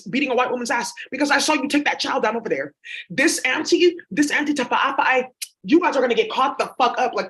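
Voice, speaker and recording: A woman's voice: on the high side, a bit bright. A woman vlogger talking in a rambling, blunt, profane monologue. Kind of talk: casual monologue.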